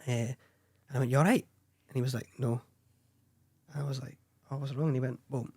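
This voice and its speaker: Fast-talking Scottish man telling stories. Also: mid-range voice, breathy edge. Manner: animated, swearing anecdotes, laughing often. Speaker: guest filmmaker. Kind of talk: casual storytelling chat.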